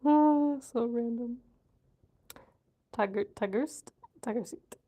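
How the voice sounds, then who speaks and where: A woman with a high voice talks slowly and casually on her vlog. She giggles a lot, tries new words aloud and mutters half to herself as she works them out. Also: mellow. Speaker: vlogger learning a language.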